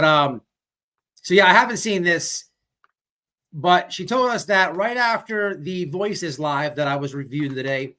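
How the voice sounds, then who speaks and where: Over a fast-food restaurant's wifi, a man reacts to a livestream as host of a casual commentary show, talking bluntly and wandering into ranting asides. His fairly high voice sounds pushed and bright.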